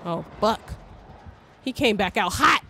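A young woman streamer giving live gameplay commentary, excitable, swearing and shrieking when startled. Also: medium pitch, slow pace, a little hiss or hum.

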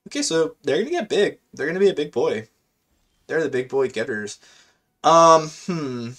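In this gaming video, the man commentates casually on what he's doing, talking through his thoughts in an eager, slang-heavy way. His pitch is on the high side and his pace moderate.

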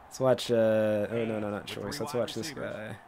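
A man giving casual commentary while playing a football video game, thinking aloud about his plays and breaking into excited laughter; his voice cracks now and then. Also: on the low side, normal speed, creaky, over music. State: voice cracking, coughing.

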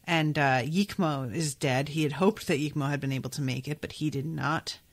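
A woman hosting a podcast, chatting casually about a book and reading passages aloud, thinking out loud with lots of fillers. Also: deep voice, fairly even intonation, moderate pace. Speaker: podcast host.

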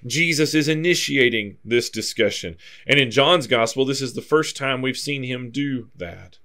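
A man's voice: medium pitch, moderate pace. Man teaching a verse-by-verse Bible class. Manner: explanatory, steady, reads scripture aloud then comments.

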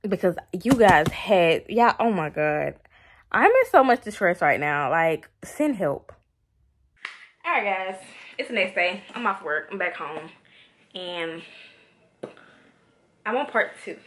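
A woman vlogging about a book she is reading, talking straight to her viewers in an animated, exclaiming way, recorded on her phone. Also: lowish voice, slight background noise. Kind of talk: casual reading vlog chat.

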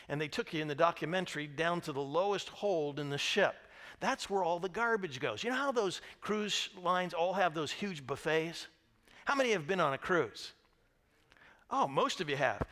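A man pastor preaching a sermon, telling the story lively and asking the congregation questions. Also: on the high side. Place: church sanctuary.

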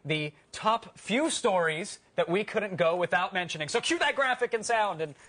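Male co-host, high voice, playful studio banter. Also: expressive, moderate pace, a bit bright, no echo.

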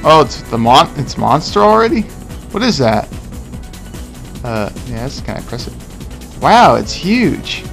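Slow-talking joking gamer guy. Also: medium pitch, very animated, vocal fry, a bit bright, faint music behind. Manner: jokey, laughing, swearing. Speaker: let's play commentator. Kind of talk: casual gameplay commentary.

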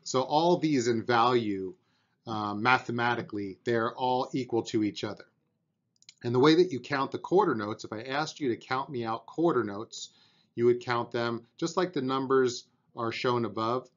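A man's voice: medium pitch, moderate pace, dull audio. A man teaching a beginner drum lesson, patiently explaining and counting out beats aloud, with an encouraging manner.

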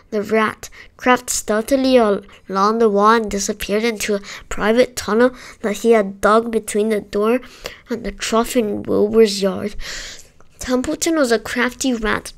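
A woman reading a children's book aloud in a steady storytelling way, with the odd small slip. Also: on the high side. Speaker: storybook reader.

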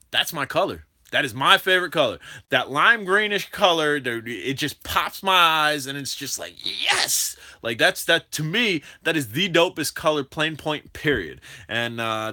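Hyper, slangy drone streamer man. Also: a little high. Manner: hyper, animated, slangy, talks to chat. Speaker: drone livestream host. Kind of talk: casual livestream chat with viewers.

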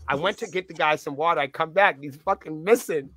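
A man's voice: fairly high pitch, fairly quick, husky, no room sound. A man who is a band's point of contact tells stories in a casual podcast interview, cursing freely and acting out the dialogue. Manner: profane, animated storyteller acting out dialogue.

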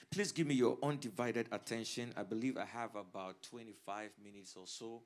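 A man's voice: on the low side, normal speed, few pauses. A man from Africa, a pastor preaching a sermon with fervor that swells in volume. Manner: fervent preaching that swells in volume, punctuated with "hallelujah". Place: church service streamed online.

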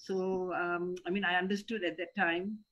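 A woman's voice: lowish voice, flat delivery, moderate pace, a bit bright, lo-fi sound. Middle-aged woman, Malaysian English accent, hesitant and deferential, remote call. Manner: hesitant, repeats words and restarts, respectful. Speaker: disciple calling in with a question. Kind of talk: casual chat.

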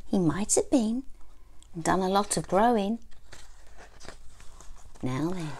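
Lady reading a kids' storybook real slow, lots of ups and downs, asks the little ones questions. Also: mid-range voice. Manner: slow, expressive, with gasps and questions to children. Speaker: children's story reader. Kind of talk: storytime reading for under-fives.

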